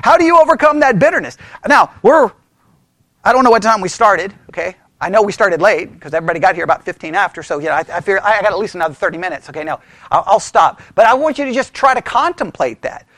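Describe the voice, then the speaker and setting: Guy teaching bible study at church, really high voice, swings all over the place, super animated. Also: fast, no echo. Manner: animated, emphatic, acts out voices. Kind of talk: informal teaching sermon.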